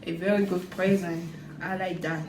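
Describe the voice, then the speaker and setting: A woman recapping a dating show in casual chat, talking loosely with quick asides and loose grammar. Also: fairly low pitch, steady tone, echoey room, noisy background. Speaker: reality TV recap vlogger.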